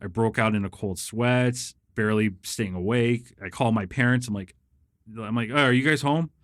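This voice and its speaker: A man's voice: medium pitch, normal speed, dry recording. A man telling a rowdy story between laughs, swearing freely and slipping into the voices of the people he quotes. His voice sits in a middle register, recorded close and dry with no room sound. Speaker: guest. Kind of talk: casual comedic storytelling.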